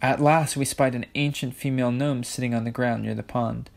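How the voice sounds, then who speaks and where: A man's voice: medium pitch, fairly even intonation, fairly quick, gravelly. A man casually reading a novel aloud, with offhand, jokey asides. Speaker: audiobook reader.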